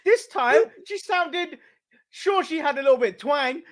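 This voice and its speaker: High-voiced English man, chatty co-host. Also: animated, moderate pace. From England. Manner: laughs often, recaps events in a loose, chatty way. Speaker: podcast co-host. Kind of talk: casual wrestling recap chat.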